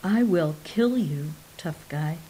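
A woman's voice: mid-range voice, measured pace, low-quality recording. A woman reading aloud, voicing a weary, reclusive older man who turns coldly threatening. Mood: quietly menacing. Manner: quiet, controlled, deadly calm. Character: weary older man turned quietly menacing.

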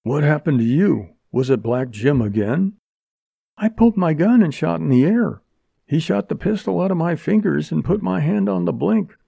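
A man's voice: a little high, moderate pace, vocal fry, slightly rough, dry recording, voice pushed up, exaggerated voice. A man reading an audiobook, voicing a fierce, commanding young woman held captive by outlaws. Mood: shaken. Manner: sharp, commanding, urgent. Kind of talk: audiobook character voice. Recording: dull lo-fi recording.

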